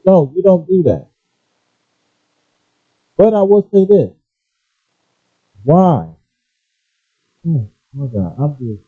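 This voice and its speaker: A man ranting casually about gaming and pausing often to apologize for his language. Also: on the high side, dry recording. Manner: animated, apologetic asides, restarts. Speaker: gaming commentator. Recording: dull lo-fi, dry.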